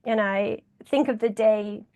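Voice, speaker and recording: A woman's voice: mid-range voice, steady tone, a little slow, mellow. A woman of thirty being interviewed as an author-illustrator, chatty with many fillers and laughs. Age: 30s. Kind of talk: casual interview conversation.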